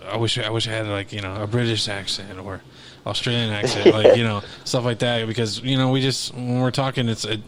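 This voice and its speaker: A man's voice: lowish voice, steady tone, brisk. A man from the United States co-hosting a podcast, chatting casually and hesitantly, with lots of "like" and "you know.". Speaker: podcast co-host. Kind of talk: casual chat. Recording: crowd noise behind.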